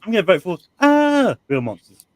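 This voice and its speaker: Halting man, dry close sound. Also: medium pitch, dry recording, low-quality recording. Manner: halting, heavy with ums and likes. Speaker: panelist. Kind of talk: casual chat.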